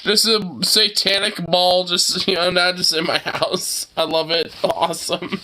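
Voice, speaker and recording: A man's voice: high-pitched, little pitch movement, unhurried, bright, forceful tone, slight background noise. Young man laughing through tears. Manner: helpless giggling, heavy swearing. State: teary from laughing. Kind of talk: casual laughing reaction.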